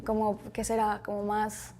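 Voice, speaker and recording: A woman's voice: medium pitch, monotone, moderate pace, mellow, a little hiss or hum. A woman in casual chat, laughing often and switching between Spanish and English. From Mexico.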